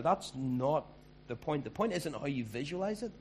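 A male pastor preaches in a conversational, emphatic manner. His voice sits at a middle pitch, with a faint hum in the background. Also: sing-song, a little fast, a little mellow. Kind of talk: sermon.

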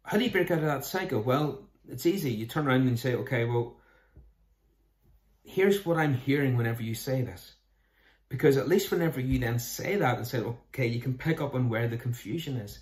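Male pastor, conversational sermon delivery, mid pitch, echoey room. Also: expressive, a little fast. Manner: earnest, conversational preaching with rhetorical questions. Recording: roomy echo.

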